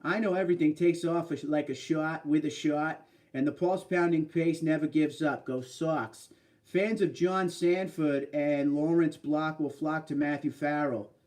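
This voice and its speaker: A man's voice: fairly high pitch, steady tone, moderate pace, a little mellow, recorded from a distance, close to an everyday voice. Man putting on a jokey Boston-accented blurb reader. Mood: mock-dramatic. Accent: Boston (put on).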